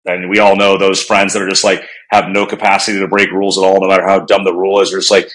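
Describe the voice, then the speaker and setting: A man's voice: low-pitched, flat delivery, quick pace, a bit bright, poor audio. A man speaking as a guest coach in a casual podcast talk, rambling with many restarts and fillers and swearing bluntly. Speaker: guest, human connection coach. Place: room at home.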